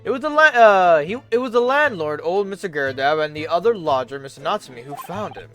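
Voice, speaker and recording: Guy putting on a lower grumpy inspector voice, dry and sarcastic. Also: lively intonation, brisk, fairly bright tone, soft background music. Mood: sardonic. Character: gruff, sardonic male police inspector.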